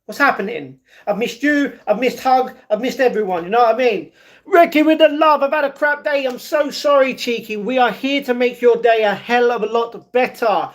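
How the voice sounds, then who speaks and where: A man with a very high voice chats on a live stream from home. He greets viewers one by one and talks back to their messages in an upbeat, chatty way. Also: moderate pace. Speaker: live streamer reading chat. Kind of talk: casual live-stream chat.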